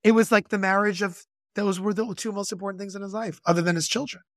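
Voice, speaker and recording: An enthusiastic podcast co-host who teaches music, chatting about a film and rushing through asides. The delivery is gushing and animated. The recording is dry and close, with no room sound. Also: mid-range voice, dry recording. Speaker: music educator and conductor. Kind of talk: casual film discussion.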